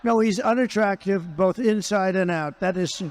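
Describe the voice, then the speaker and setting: A man with a fairly high speaking voice talks in an unscripted interview. He hammers his points and keeps repeating phrases. He speaks as a politician answering a host's questions. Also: moderate pace. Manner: emphatic and repetitive, circles back to phrases.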